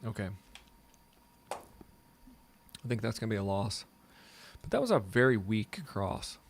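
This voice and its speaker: A man's voice: lowish voice, very animated, slow, creaky. Easygoing man thinking aloud. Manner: casual, joking, thinking aloud. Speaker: co-host. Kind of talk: casual chat.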